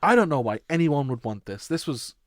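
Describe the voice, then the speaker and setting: A man's voice: fairly high pitch, sing-song, a little fast, no room sound, clean studio sound. A young man co-hosting a casual podcast, sarcastic and sweary, laughing often. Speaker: podcast co-host. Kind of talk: casual chat.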